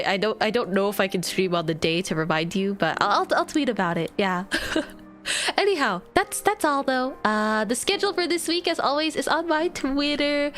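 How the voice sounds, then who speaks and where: Bubbly, lively woman streamer. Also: a little high. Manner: bubbly, giggly, rambling. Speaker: VTuber streamer. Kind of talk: casual stream chat.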